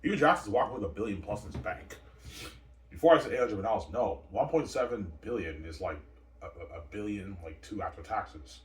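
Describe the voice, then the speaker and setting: Rambling deep-voiced man talking fast. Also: animated. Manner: rambling, repetitive, boastful. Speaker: vlogger. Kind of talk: casual monologue. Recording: roomy, distant mic.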